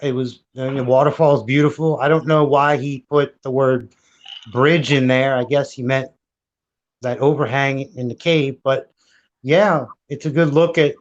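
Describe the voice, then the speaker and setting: A man's voice: mid-range voice, steady tone, normal speed. A man co-hosting a podcast, speaking in an easygoing, agreeable way. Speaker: podcast co-host. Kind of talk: casual podcast chat. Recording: dull lo-fi audio.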